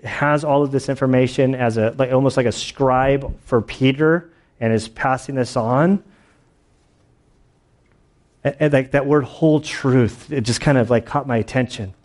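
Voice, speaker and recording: A man's voice: medium pitch, a little mellow. A man teaching through a Bible passage in a casual, rambling way, full of filler words, restarts and the occasional laugh. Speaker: pastor.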